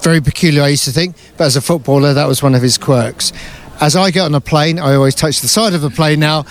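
A man's voice: a little high, quick pace. Cheerful British man, outdoors. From Britain. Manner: cheerful, easygoing, laughing. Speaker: spectator. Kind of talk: casual street interview. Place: outdoors in the rain.

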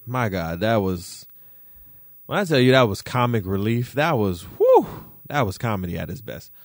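Animated man hosting a solo podcast. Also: lowish voice, dry recording. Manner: animated, emphatic, slangy. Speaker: podcast host. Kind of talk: casual solo podcast chat.

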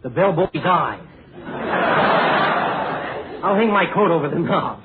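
An actor playing a bumbling young groom in a 1930s radio comedy sketch, wisecracking and slipping into baby talk. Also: male voice, fairly high pitch, expressive, slow, phone-quality sound, a loud crowd. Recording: scratchy 1930s radio broadcast with loud studio audience.

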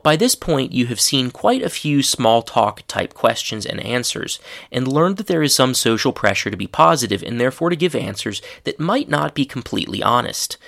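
A man explains everyday English phrases in a clear, steady lesson voice. His tone has a gravelly edge, and he acts out example phrases with lively rising intonation. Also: mid-range voice. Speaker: English teacher. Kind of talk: scripted lesson narration.

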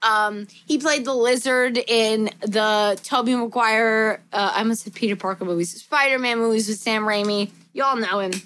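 A woman co-hosting a casual podcast, retelling a movie with crude jokes and quick impressions of its characters. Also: fairly high pitch, fairly bright tone, low-quality recording. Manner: crude, laughing, acts out characters' lines. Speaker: podcast co-host recapping a movie. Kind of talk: casual chat, retelling a film with quoted voices.

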